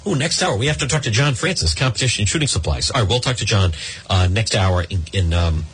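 A middle-aged talk radio host rants sarcastically into a studio mic, rambling his way through live ad reads. His voice is on the low side with a breathy edge, and he talks fairly quickly in an animated, mock-exasperated manner.

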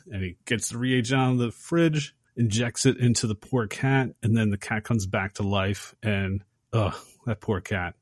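Low-voiced man recapping a film. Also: moderate pace, hardly any pauses, dry recording, clean studio sound. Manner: animated storyteller acting out quotes. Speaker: podcast host.

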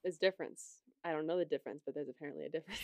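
A woman's voice: low voice, very fast, mellow, no room sound. A woman co-hosting a podcast, chatting loosely through an episode recap with lots of fillers and giggles. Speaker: podcast co-host. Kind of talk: casual episode recap chat.

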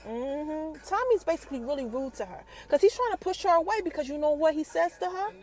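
A woman's voice: high-pitched, expressive, a little fast, darkish tone. A woman hosting a podcast and recapping a TV episode in a casual, slangy way. She keeps calling out to her listeners and teasing them with questions. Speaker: podcast host.

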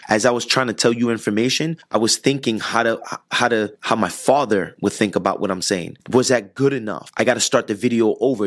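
A man's voice: lowish voice, a bit bright. A man giving an earnest motivational monologue, repeating key lines for emphasis and stumbling now and then. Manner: occasional stumbles and restarts.

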